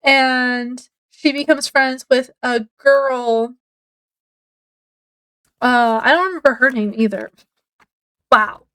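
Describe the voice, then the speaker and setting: High-voiced woman chatting about a book. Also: steady tone, slow, pauses often, a bit bright, poor audio. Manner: chatty, laughs often while retelling. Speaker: book reviewer. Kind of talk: casual chat.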